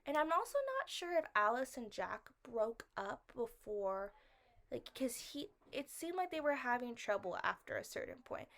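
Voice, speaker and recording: Rambling woman with a slightly high voice. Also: lively intonation, moderate pace, creaky, fairly bright tone. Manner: rambling, fills with "like" constantly; puzzled, questioning. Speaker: vlogger reviewing a film. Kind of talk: casual spoken review.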